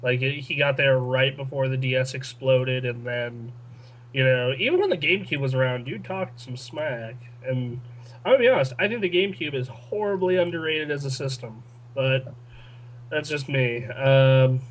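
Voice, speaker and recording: A man's voice: medium pitch, normal speed, poor audio. A young man co-hosting a casual gaming podcast, rambling with lots of fillers and restarts. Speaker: podcast co-host reading listener questions. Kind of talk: casual chat.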